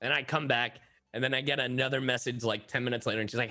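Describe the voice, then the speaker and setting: A man's voice: mid-range voice, rapid-fire, pushed and bright. A man, a voice actor on a panel, telling a story in casual chat with stammered restarts.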